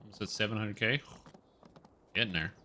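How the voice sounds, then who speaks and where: Male streamer, rambling and excitable, with a very bright, forceful tone pitched on the low side. Casual gameplay chatter. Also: a little fast, a little hiss or hum. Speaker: game streamer.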